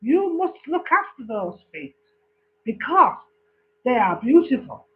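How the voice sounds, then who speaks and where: A man voicing a polite young male visitor who flatters his cousin with eager praise. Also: very high-pitched, slow, heavily acted. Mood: flattering. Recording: tinny phone-like recording.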